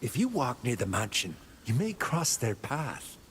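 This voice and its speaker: A man's voice: mid-range voice, very animated, unhurried, a bit bright, a little hiss or hum. A formal fantasy townsman. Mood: admiring. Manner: formal, old-fashioned phrasing.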